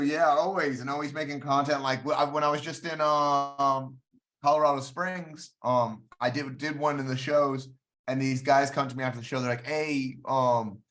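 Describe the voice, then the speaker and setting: A man's voice: mid-range voice, fairly bright tone. Male comedian guest, mid-range voice, casual rambling storyteller. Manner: rambling anecdotes with repeated starts.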